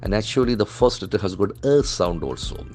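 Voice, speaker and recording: An English language trainer with a lowish, darkish voice speaks a little fast and with lively intonation. Using words from the newspaper, he spells each one letter by letter and methodically explains how it's pronounced and what it means.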